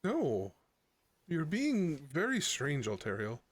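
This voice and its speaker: A man's voice: fairly high pitch, huge pitch swings, takes it slowly, full character voice. A man voicing a guarded, nervous female head of necromancy at a magic school, speaking hesitantly and stammering.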